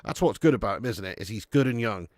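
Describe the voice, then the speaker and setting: An excitable man doing live fan commentary on a football match, swearing freely and chatting to viewers between plays. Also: on the low side, fast, no room sound. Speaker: fan watch-along commentator.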